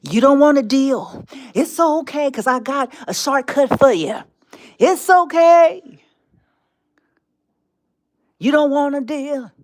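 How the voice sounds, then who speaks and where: A woman's voice: high-pitched, slow, pauses often, darkish tone. A woman streaming live, delivering a mocking monologue as a tempter, drawling with laughs and whispered asides.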